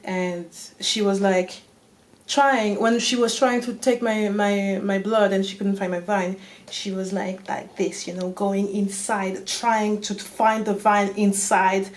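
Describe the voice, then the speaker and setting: A woman with a French accent, a native French speaker, telling a story on her vlog in an animated way and swearing often. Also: medium pitch, slow. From France. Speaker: vlogger.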